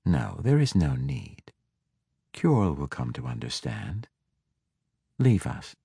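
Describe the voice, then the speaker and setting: A commanding dark elf noblewoman, as a male narrator puts her on, murmuring her orders in a very deep, hushed voice. She speaks slowly and evenly, with menace under every word. The sound is close and dry, with no room around it. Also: animated, husky, no echo, exaggerated voice. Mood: cold menace. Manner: low, quiet, slow and threatening. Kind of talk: audiobook character voice.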